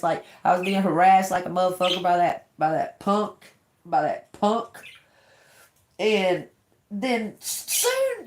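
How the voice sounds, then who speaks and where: Blunt, foul-mouthed woman hosting a livestream, animated delivery, roomy echo. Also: on the high side, slight background noise. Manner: blunt, profane, animated storytelling. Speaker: tarot reader livestream host. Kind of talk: casual livestream talk. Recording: echoey room.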